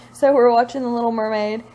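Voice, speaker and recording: This woman is a mom vlogger in her thirties with a Southern US accent, chatting and rambling to her camera in her living room and laughing frequently. Her voice is a little high and dark in tone, with fairly even intonation and a moderate pace. The audio sounds dull.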